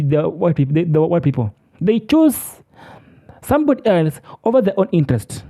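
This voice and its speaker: Lively, preachy speaker. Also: medium pitch, a little fast. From Africa. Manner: emphatic, preachy, repeats words. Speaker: commentator. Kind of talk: impassioned monologue.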